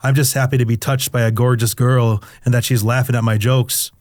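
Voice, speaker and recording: A man's voice: medium pitch, level tone, a little fast, a little mellow, no echo, studio quality. A middle-aged man reading his own memoir aloud in the first person, candid and crude in a confessional tone.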